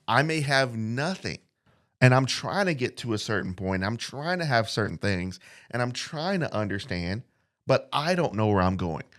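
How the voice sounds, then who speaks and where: A man preaching a casual podcast sermon into a mic, earnest and reflective, repeating phrases and reading scripture slowly. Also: mid-range voice, very animated, fairly bright tone. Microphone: studio mic.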